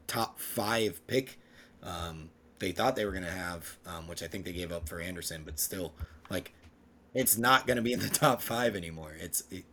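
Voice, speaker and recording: A man's voice: lowish voice, sharp tone, a little hiss or hum. A man co-hosting a podcast, giving emphatic, opinionated takes in casual chat. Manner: emphatic, opinionated, jumps between fast and drawn-out phrasing. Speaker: podcast co-host.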